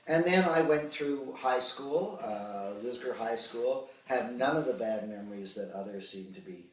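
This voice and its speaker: A man's voice: mid-range voice, measured pace. Older man, roomy and distant. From Ottawa, Canada. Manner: anecdotal, expressive storyteller with hesitant fillers. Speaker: actor and puppeteer, interview guest. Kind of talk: reminiscing interview. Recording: roomy sound, distant from the mic.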